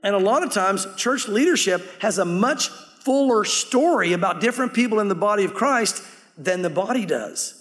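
Man, pastor, conversational sermon, acts out quotes, fairly high voice. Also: animated, normal speed, a bit bright, in a large hall.

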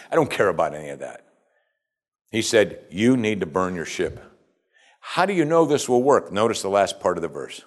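Low-voiced man preaching a sermon. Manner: preaching with rising emphatic call-and-response. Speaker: pastor.

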